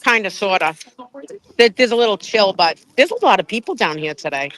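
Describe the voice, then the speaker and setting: An older woman chatting casually on a live stream from outside a courthouse, animated and quick to laugh. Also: mid-range voice, poor audio. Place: outdoors outside a courthouse, crowd nearby.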